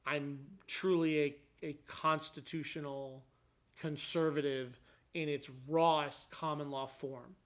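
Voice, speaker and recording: Animated man with many restarts. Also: on the high side, slow pace. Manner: rambling with frequent restarts, rising emphasis. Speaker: guest describing his court hearing. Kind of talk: casual conversation.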